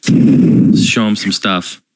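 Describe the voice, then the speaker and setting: A man's voice: very slow, a little mellow. A man co-hosting a casual chat, talking in a reflective, rambling way with lots of asides. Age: adult. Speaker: podcast co-host.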